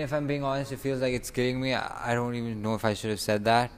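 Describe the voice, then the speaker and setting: A man's voice: mid-range voice, steady tone, fast talker, hardly any pauses, clear, resonant tone. A young man in pain telling a rambling, frustrated casual vlog from outside his home. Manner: rambling, frustrated, stopping to groan. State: in stomach pain. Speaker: vlogger. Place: outdoors away from home. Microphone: phone recording app.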